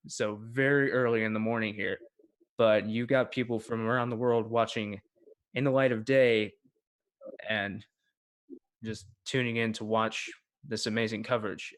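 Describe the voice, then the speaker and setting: Low-voiced man hosting a livestream. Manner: friendly, appreciative, rambling. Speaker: livestream host. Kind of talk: casual livestream commentary.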